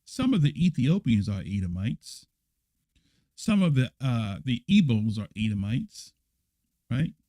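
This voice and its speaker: A man teaching a scripture lesson on a livestream, speaking bluntly and emphatically. He repeats his points and keeps checking in with his viewers. His voice sits at a middle pitch and sounds dry and close to the mic. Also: very animated, unhurried, warm tone, no echo. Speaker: church elder teaching a lesson.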